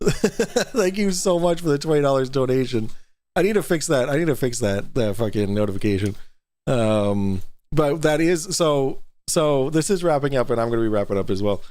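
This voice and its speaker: A mid-pitched man runs a livestream show in a dry, close sound. He swears freely and laughs as he reads out donations in loose, casual chat. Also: expressive, moderate pace, a little mellow, dry recording. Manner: profane, laughing, reading donations. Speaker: podcast host.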